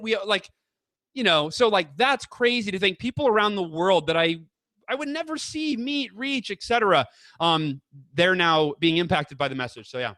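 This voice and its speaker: A man in his thirties, a guest author chatting casually in an interview, telling stories with lively quoted voices. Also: sits high, normal speed, no room sound. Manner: animated storyteller, acts out quoted voices.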